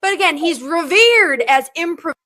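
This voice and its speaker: Bright, high-voiced woman narrating trivia. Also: animated, normal speed. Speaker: short-video narrator. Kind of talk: scripted narration of movie trivia.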